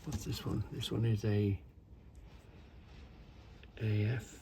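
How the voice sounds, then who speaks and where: A man's voice: lowish voice, completely flat delivery, takes it slowly, very noisy. Man muttering over tools in a shop. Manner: chatty, trails off into muttering and whispering over items. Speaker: vlogger. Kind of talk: casual chat while browsing. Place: indoor shop.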